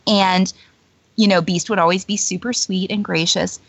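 This guest, a woman who once worked as a theme-park character, chats and laughs her way through stories in a casual interview, using many fillers. Her mid-range voice is gravelly and husky, with fairly even intonation and normal speed, recorded dry and dull in lo-fi with no echo.

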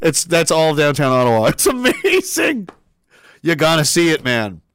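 A man talking on a casual livestream, excitable and profane, laughing often and restarting his sentences. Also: a little high, a little fast, smooth, no room sound, studio quality. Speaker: streamer.

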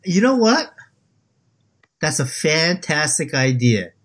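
A man's voice: a little high, takes it slowly. A man co-hosting a hobby podcast in casual chat, laughing often and joking around. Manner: laughs often, animated banter. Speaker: podcast co-host.

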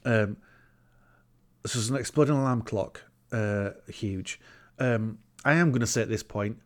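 A man's voice: fairly low pitch, unhurried. A man in casual chat, recapping a film in a wry, meandering way with fillers and laughs.

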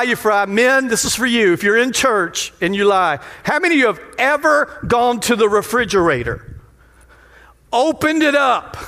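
A man pastor preaching a lively, playful sermon in a church sanctuary, often putting questions to the crowd. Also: extremely high pitch. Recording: long hall reverb of a sanctuary.

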